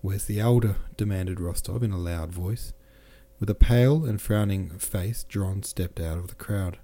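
A man hosting a podcast and reading a classic novel aloud in steady, measured narration. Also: sits low. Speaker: podcast host and reader.

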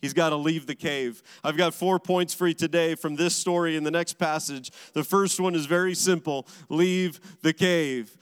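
A man's voice: fairly high pitch, fairly even intonation, normal speed, hardly any pauses, smooth. A man preaching a sermon as a pastor, driving his points home with emphatic repeated phrases. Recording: large hall with long reverb.

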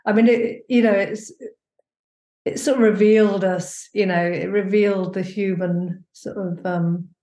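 A woman's voice: mid-range voice, fairly even intonation, unhurried, warm tone. A woman performance maker being interviewed, talking in a hesitant, searching way with many fillers. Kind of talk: casual conversation. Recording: echoey room.

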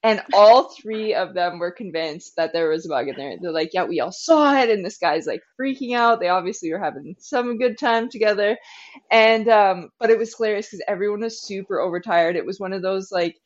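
A woman who works as a firefighter, telling a night-shift story in casual podcast chat, lively and full of "like"s. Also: medium pitch, a little fast. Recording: slightly dull lo-fi audio.

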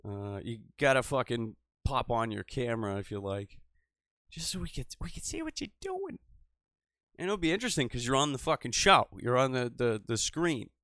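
A man hosting a call-in show, rambling and swearing, swinging from mutters to loud outbursts. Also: mid-range voice, very animated, moderate pace, no echo, clean studio sound. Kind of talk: profane casual call-in show.

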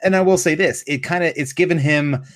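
A man's voice: on the high side, brisk, dry recording, studio quality. A man co-hosting a casual wrestling podcast, talking bluntly and swearing freely between laughs. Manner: blunt, profane, laughing banter. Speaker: podcast co-host.

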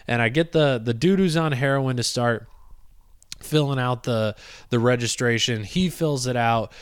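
A young man in his twenties, a podcast host and comedian, tells a story in a loose, rambling monologue full of fillers and asides. His smooth, clear voice sits at middle pitch and moves at a moderate pace, recorded close with a dry, dead sound.

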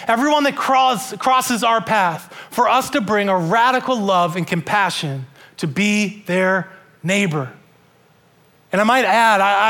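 A man's voice: high voice, fairly bright tone. A male pastor delivering a church sermon in an earnest way, often repeating and restarting words.

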